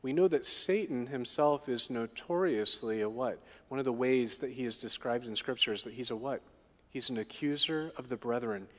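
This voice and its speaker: A man's voice: mid-range voice, normal speed, fairly bright tone. Pastor guy preaching, middle voice, keeps asking the crowd questions, long echoey hall. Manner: asks the congregation questions. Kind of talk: sermon.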